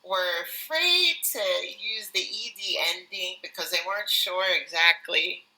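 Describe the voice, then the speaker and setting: An American woman from the United States works as an English tutor, giving encouraging tips in a live online lesson and using lots of "you know" fillers. Her voice is fairly low, unhurried, and sharp in tone, and the recording is rough.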